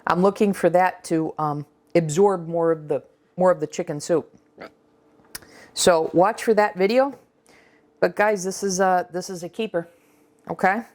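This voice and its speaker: A woman's voice: lowish voice, unhurried, long pauses, darkish tone. A woman hosting a casual cooking vlog, talking chattily with fillers and restarts as she runs a taste test. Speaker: cooking channel host.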